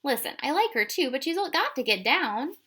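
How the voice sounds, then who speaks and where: A woman doing an excited young boy. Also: high-pitched, normal speed, pitched above the performer's own voice, full character voice. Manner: loud and excited.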